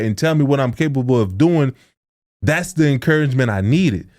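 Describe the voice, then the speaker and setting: A man's voice: medium pitch, darkish tone. Young adult man, podcast co-host; earnest, informal, a touch preachy. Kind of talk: casual podcast talk.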